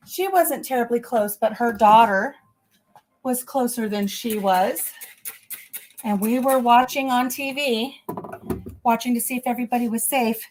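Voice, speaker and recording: A woman chatting casually with her livestream viewers as she cleans out her kitchen fridge, a little out of breath. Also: high voice. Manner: chatty, talks to viewers while working. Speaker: livestream host. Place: home kitchen.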